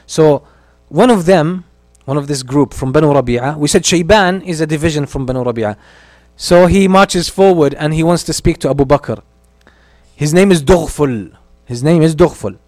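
A man's voice: a little high, normal speed, a little mellow, no room sound. Man lecturing with a dry close sound. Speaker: religious history teacher. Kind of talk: lecture on early Islamic history.

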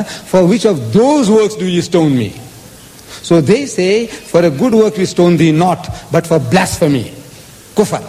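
A man's voice: on the high side, mellow. A man giving an emphatic lecture on scripture, quoting verses aloud in shifting voices. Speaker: speaker in a religious debate. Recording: hall with long reverb.

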